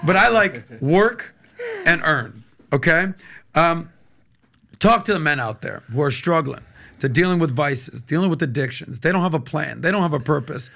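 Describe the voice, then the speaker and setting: Bright, gravelly podcast host. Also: male voice, fairly high pitch, normal speed. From United States. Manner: energetic, agreeable, hypes the guest. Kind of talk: casual podcast chat.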